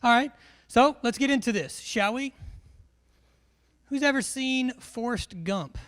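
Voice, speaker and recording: A man's voice: extremely high pitch, unhurried, a bit bright. A man, a military instructor giving a live classroom briefing in a large hall, joking and quizzing his audience.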